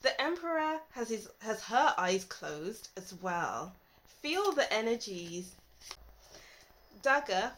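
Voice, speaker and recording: A woman doing a casual tarot reading monologue, playful and giggly, with soft, reflective stretches. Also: medium pitch, slight background noise, rough recording. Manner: playful and giggly, breaks into song and laughter; soft, intuitive, reflective delivery. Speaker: tarot reader.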